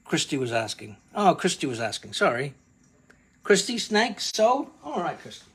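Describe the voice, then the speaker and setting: A woman's voice: sits low, big pitch swings, normal speed, breathy edge. A woman chatting casually to viewers while selling crystals on a live stream, calling out to them by name.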